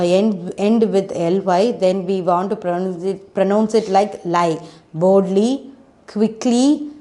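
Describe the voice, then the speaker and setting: A woman leads a children's phonics class at an unhurried, deliberate pace. Her voice sits at a middle pitch, and she spells out letters one by one and asks patient questions. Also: warm tone. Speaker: phonics teacher. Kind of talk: online children's phonics lesson.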